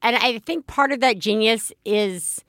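A woman's voice: on the high side, unhurried, a bit bright, no echo, clean studio sound. A woman in her thirties co-hosting a parenting podcast, rambling and laughing through casual chat. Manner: rambling, lots of fillers and restarts, laughs easily. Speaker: podcast co-host.

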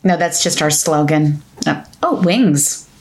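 An actress at a table read playing a breezy, deadpan female leasing agent. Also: sits low, slow, full character voice. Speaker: actor in a script table read.

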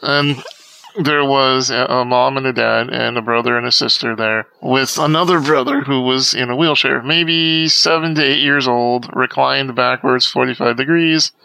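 A man telling a story as a podcast guest, lively and acting out the voices of the people in it. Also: mid-range voice, vocal fry, clear, resonant tone, dry recording, rough recording. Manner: animated storyteller acting out quoted dialogue. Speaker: guest, accessibility advocate. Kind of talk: conversational storytelling.

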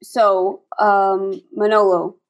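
A woman's voice: mid-range voice, level tone, drawn-out words. A woman co-hosting a comedy podcast over a video call, hesitant and full of fillers and restarts. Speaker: podcast co-host.

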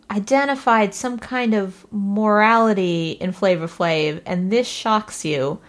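A woman co-hosting a casual comedic podcast, making dry, measured remarks. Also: mid-range voice. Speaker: podcast co-host.

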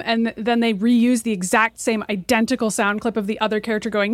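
A woman's voice: on the high side, fast, hardly any pauses, dry recording. Enthusiastic woman podcaster, dry close mic. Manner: enthusiastic, animated retelling. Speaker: podcast co-host. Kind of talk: casual chat.

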